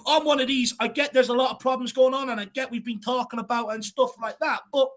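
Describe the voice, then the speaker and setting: An Irish man co-hosting a fan channel, chatting casually on a live stream and reading out viewer comments with shout-outs. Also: extremely high pitch, steady tone, fast talker. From Ireland.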